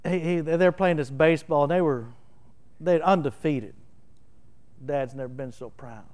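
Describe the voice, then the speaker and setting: A middle-aged preacher with a Southern Oklahoma drawl and a somewhat high voice. He talks in a folksy, storytelling way, then swells into big, emphatic peaks while walking through a Bible passage. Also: normal speed, darkish tone. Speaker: pastor. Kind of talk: sermon.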